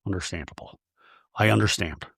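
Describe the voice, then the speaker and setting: Guy doing gruff mumbly husband, low and halting, really dry sound. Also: a bit bright, dry recording, heavily acted. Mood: awkward. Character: gruff terse middle-aged husband, mumbling.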